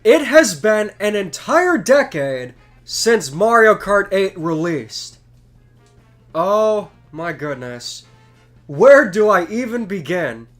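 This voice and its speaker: Young man, streamer, stuffy congested voice, high-pitched, chatty and excitable, faint music behind. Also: slow. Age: 20s. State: congested from a cold. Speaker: game streamer. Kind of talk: casual live stream chat.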